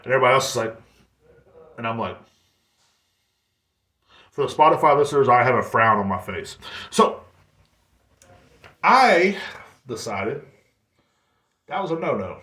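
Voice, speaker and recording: A man in his thirties rambles through a casual podcast monologue. He is blunt and profane, and his pitch sits right in the middle. The room around him is noticeably echoey. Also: lively intonation, unhurried, long pauses, bright, forceful tone. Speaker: podcast host.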